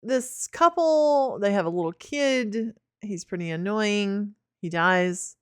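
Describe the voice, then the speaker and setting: A woman's voice: medium pitch, lively intonation, takes it slowly, clean tone, dry recording, studio quality. A woman co-hosting a podcast, chatting casually about movies and acting out what people said. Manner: chatty, acts out quotes. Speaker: podcast co-host.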